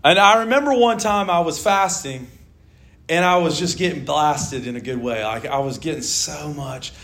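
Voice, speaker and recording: A middle-aged man gives a casual sermon with a notably high, light voice. His delivery is animated and conversational, full of jokes and asides to his listeners. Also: normal speed. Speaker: preacher.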